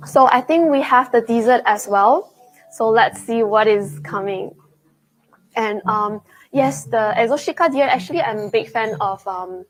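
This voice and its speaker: A young woman hosting a live travel vlog, chatting excitedly while tasting food at a restaurant. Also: a little high, low-quality recording. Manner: chatty and excitable, with frequent gasps and laughs. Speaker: travel show host. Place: indoors at a restaurant.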